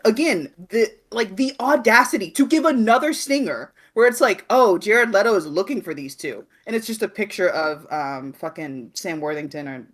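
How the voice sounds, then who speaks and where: Animated, profane woman ranting. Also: medium pitch. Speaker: podcast co-host. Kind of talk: casual ranting chat.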